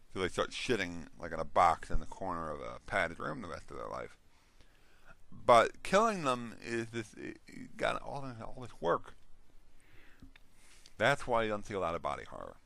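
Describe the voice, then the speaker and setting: Low, bright-voiced man rambling about games. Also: gravelly, no room sound. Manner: rambling, with restarts and yawns. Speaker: host. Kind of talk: casual monologue on role-playing games.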